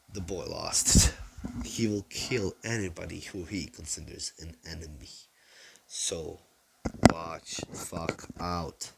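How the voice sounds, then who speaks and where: A man voicing a slow, gravelly vengeful young ninja. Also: deep voice, very noisy, full character voice. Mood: grim warning.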